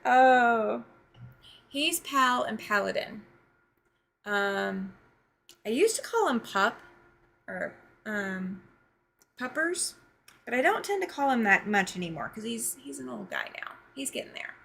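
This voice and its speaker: A woman's voice: on the high side, unhurried, creaky, a little hiss or hum. A woman hosting a casual quilting livestream, chatting with viewers, reading their comments and thanking them as she sews. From United States. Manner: frequent fillers and restarts, bursts of excitement. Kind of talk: casual livestream chat while sewing.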